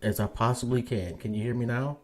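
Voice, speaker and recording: A man hosts a podcast interview over a remote call, loose and profane, frustrated with tech trouble and repeatedly checking whether his guest can hear him. His medium-pitched voice is fairly quick with fairly even intonation.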